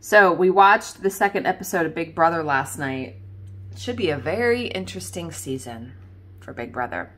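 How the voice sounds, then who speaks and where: A woman's voice: fairly low pitch, lively intonation, moderate pace, a bit bright. A woman chatting casually to viewers as she works on a craft, rambling with lots of fillers and laughs. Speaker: craft video host. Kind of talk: casual chat while crafting.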